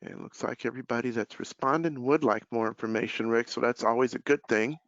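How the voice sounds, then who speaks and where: Gravelly-voiced man hosting a webinar. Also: medium pitch, quick pace, no echo. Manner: casual, relaxed, filler-heavy. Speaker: webinar host, life sales director. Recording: dull lo-fi call audio.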